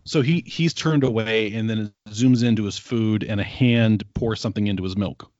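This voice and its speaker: A man's voice: on the low side, moderate pace, darkish tone, no room sound, lo-fi sound. A man co-hosting a podcast, casually recapping an episode with rambling asides and filler words. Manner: rambling, lots of ums and quoted asides. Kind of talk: casual chat.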